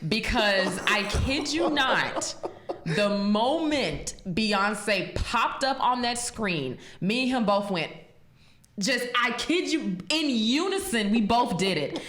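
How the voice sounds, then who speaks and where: A woman hosting a podcast in casual chat, telling stories in an animated way and laughing often. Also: a little high, unhurried, echoey room. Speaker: podcast host.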